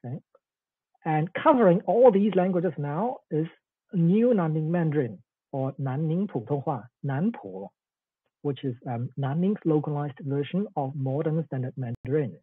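A man's voice: fairly high pitch, measured pace, husky, no room sound. A man giving an online academic lecture, explaining with frequent "okay"s and fillers over a video call. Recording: tinny, dry phone-like call audio.

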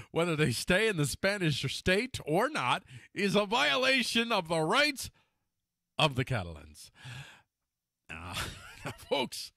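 A man's voice: medium pitch, pushed and bright, no room sound, clean studio sound. A man giving casual, wry political commentary, sarcastic and laughing at his own jabs, stumbling over names and correcting himself.

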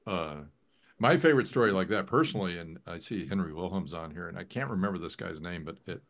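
A man chatting casually on a video call, an animated storyteller whose voice jumps up when he quotes others. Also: low voice, quick pace. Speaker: guest photographer.

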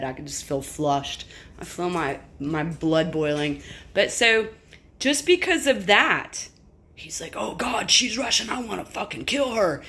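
A woman's voice: fairly low pitch, fairly bright tone. A middle-aged woman telling a personal story in a candid, emphatic way, swearing freely. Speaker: vlogger. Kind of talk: casual storytelling to camera.

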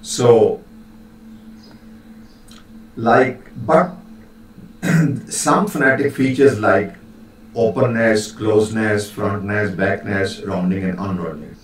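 A man's voice: fairly low pitch, distant mic. A man giving a linguistics lecture, hesitant and full of fillers, stopping to demonstrate how words are pronounced. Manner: slow, hesitant delivery with many fillers, demonstrating pronunciations. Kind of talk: recorded lecture. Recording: very echoey room, voice a bit off-mic, faint hiss.

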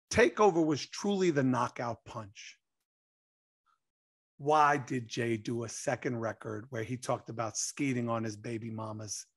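A man, telling an animated story as an interview guest and acting out quotes. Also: medium pitch. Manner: excitable, acts out quotes, laughs.

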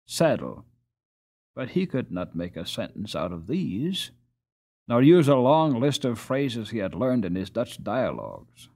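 A man reading a children's classic aloud as an audiobook narrator, in a slow, deliberate manner. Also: lowish voice, sing-song, a little mellow, husky. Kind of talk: scripted narration.

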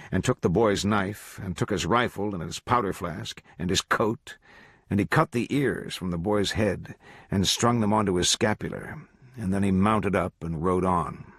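A man reading a novel aloud as an audiobook narrator, in a steady, measured delivery. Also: low-pitched, slightly rough, dry recording, clean studio sound. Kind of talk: scripted narration.

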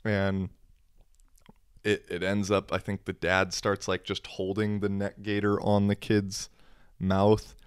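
A man's voice: on the low side, completely flat delivery, takes it slowly, clean tone, no echo, clean studio sound. A young man hosting a casual solo podcast, rambling and sarcastic, swearing freely. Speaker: podcast host.

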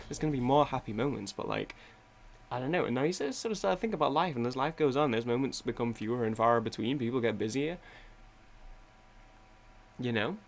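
A man's voice: mid-range voice, a little hiss or hum. Rambling young man chatting over gameplay. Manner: rambling, self-interrupting, swears freely. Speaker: gaming YouTuber. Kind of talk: casual chat while playing a game.

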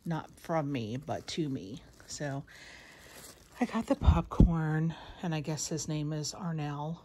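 Tired, out-of-breath woman chatting slowly. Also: deep voice, mellow, slight background noise. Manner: rambling, chatty, laughs between lines. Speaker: vlogger showing a shopping haul. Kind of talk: casual chat to camera. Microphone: phone camera.

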